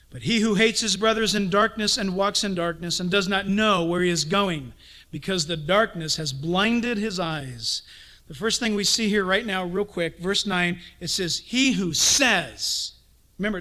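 Bright, animated preaching man. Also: sits high. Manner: animated preaching with sudden shouts and hushed asides. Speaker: pastor. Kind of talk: sermon.

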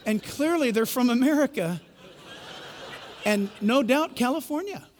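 A man preaching a sermon, telling stories with animated swings from loud bursts to hushed tones. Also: extremely high pitch, unhurried, long reverb tail, a little hiss or hum. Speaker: pastor.

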